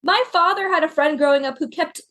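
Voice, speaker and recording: A woman from Florida chatting on a podcast, laughing often as she tells stories with quick asides. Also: high-pitched, a bit bright. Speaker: podcast guest. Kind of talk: casual chat.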